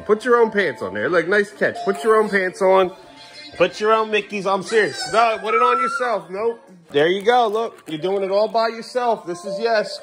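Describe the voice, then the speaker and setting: Exasperated dad, lively swooping voice. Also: male voice, sits high. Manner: exasperated, half-laughing. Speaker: father filming his kids. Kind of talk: casual home vlog. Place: family home.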